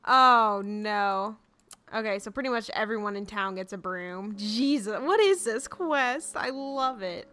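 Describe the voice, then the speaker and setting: A woman's voice: medium pitch, lively intonation, a little slow, bright, forceful tone. A young woman giving casual, chatty commentary on her own video game, giggly and easily flustered. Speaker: gaming YouTuber. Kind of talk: casual let's-play commentary.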